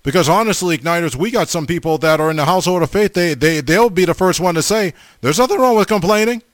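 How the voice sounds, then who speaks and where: A man's voice: a little high, fast talker, dry recording, studio quality. A man in his forties preaching a sermon, emphatic, with stammering restarts and repeated calls to his listeners.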